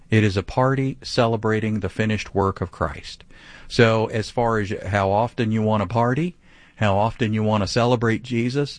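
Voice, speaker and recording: Emphatic low-voiced pastor. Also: male voice, dry recording. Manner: animated, emphatic and preachy. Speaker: pastor answering callers. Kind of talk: call-in radio teaching.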